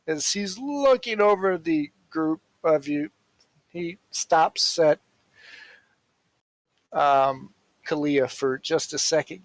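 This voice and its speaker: A man narrating a tabletop role-playing game as game master, in a slow, rambling, casual way with fillers. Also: on the high side, dry recording, rough recording.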